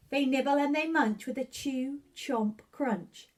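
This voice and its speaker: A woman reading a children's picture book aloud for nursery children, in an expressive, rhythmic sing-song way. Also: fairly high pitch, unhurried, few pauses. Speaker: nursery staff reader. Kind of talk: children's storybook read-aloud.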